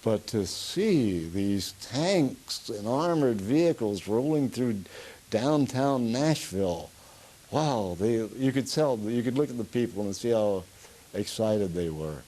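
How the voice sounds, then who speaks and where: A man's voice: on the low side, animated, slow pace, dark tone, poor audio. An older man in an oral history interview, a rambling storyteller who chuckles as he goes, with a Pennsylvania Dutch accent. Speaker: veteran being interviewed.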